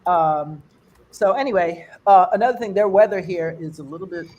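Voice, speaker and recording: An older American woman doing a stand-up comedy set for an online fundraiser. She talks in a rambling, conversational way and jumps her pitch up high when she mimics other people's accents. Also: moderate pace, a little mellow, muffled recording. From United States.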